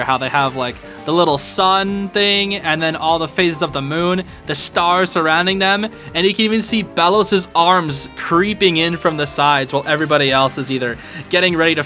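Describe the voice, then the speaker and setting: A young man excitedly commenting on fan art in casual chat, often saying dude and laughing. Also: on the high side. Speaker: host reviewing fan art. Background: soft background music.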